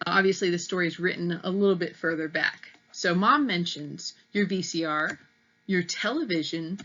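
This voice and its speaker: A woman's voice: lowish voice, normal speed, sharp tone. Patient woman teacher reading to kids. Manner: patient explaining, checks in with "okay?" constantly. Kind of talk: read-aloud lesson for kids. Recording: slightly muffled audio.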